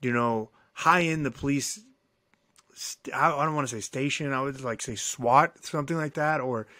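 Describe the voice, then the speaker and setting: A man's voice: medium pitch, normal speed, no room sound. Dry-sounding man telling a profane story. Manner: animated, profane, acts out quoted dialogue. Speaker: podcast co-host. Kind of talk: casual storytelling chat.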